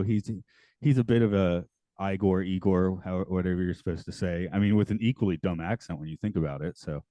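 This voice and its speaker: A man co-hosting a casual discussion podcast with a very low, mellow voice. He talks in a relaxed way and laughs often. The recording is dry and close. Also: no room sound. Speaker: podcast co-host.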